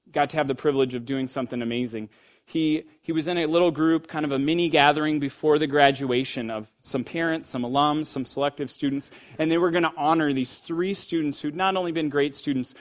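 A man preaching a sermon as pastor, telling a story that moves between hushed, low passages and fervent, raised ones.

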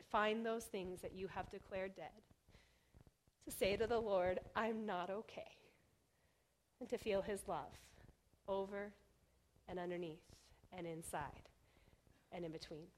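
A young woman preaching a sermon in an earnest way, often dropping to a hush on key phrases. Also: medium pitch, steady tone, normal speed, a little hiss or hum. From Oregon, United States. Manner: earnest, softening to near whispers on key phrases.

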